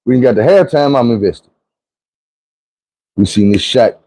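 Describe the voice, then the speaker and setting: A man's voice: medium pitch, animated, measured pace, warm tone, no echo, rough recording. A man, telling a personal story in a conversational, emphatic way. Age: 40s. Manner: conversational, emphatic, repeats "you know what I'm saying".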